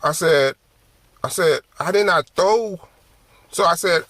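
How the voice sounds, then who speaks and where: A man ministering through a personal testimony, telling it in an animated, conversational way and often repeating phrases. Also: fairly high pitch, slow pace, pauses often, no room sound.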